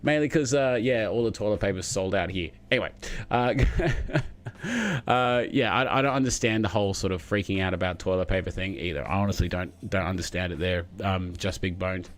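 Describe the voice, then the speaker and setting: A man's voice: low-pitched, brisk. An Australian man in his thirties hosts a casual live stream from a spare room at home. He rambles from one topic to the next and laughs easily, into a desk microphone. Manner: rambling, chatty, laughs often. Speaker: streamer host.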